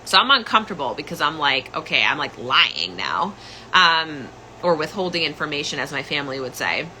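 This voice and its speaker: Speaking briskly in a low, sharp-toned voice with big pitch swings, this young female podcast host rambles through a personal story, leaning heavily on fillers like "like" and "um." The poor audio has a little hiss or hum.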